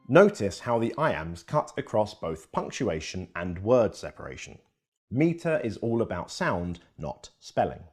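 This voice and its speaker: A man reading a scripted educational narration in a lively storytelling manner. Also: deep voice, measured pace, slightly rough, soft background music.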